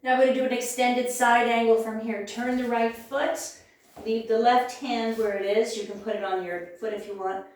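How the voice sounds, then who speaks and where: A woman leading a yoga class with calm, encouraging cues, sometimes losing her voice. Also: a little high, normal speed. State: clearing her throat, losing her voice. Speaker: yoga instructor. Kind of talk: guided yoga class instruction. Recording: very echoey room, voice from far off.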